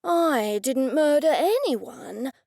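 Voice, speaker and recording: A woman's voice: high voice, expressive, slow, gravelly, darkish tone, no room sound, clean studio sound, full character voice. A woman voicing a nervous, apologetic male chef who pleads his innocence. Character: nervous male chef faking a French accent.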